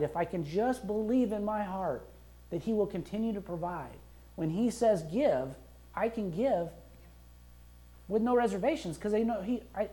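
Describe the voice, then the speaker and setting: With a warm, mid-range voice, a pastor gives a sermon in church, talking in a chatty, emphatic way and performing the prayers and quotes he brings up.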